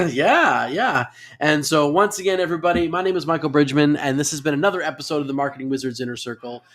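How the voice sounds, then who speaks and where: A man's voice: fairly high pitch, fast talker, fairly bright tone. A man hosting a live online interview show, talking in an upbeat, effusive way. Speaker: host.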